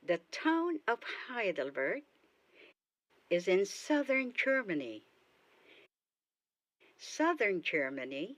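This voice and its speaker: Brief: female language teacher, unhurried and deliberate, repeats words so listeners can practise, dry booth sound. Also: medium pitch, big pitch swings, fairly bright tone, dry recording. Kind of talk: slow, careful language lesson.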